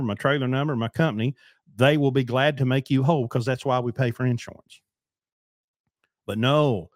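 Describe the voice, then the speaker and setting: A man's voice: on the high side, no room sound. Blunt man ranting, dry sound. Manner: blunt, heated, rambling rants. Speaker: podcast host, trucking business owner. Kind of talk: solo livestream talk.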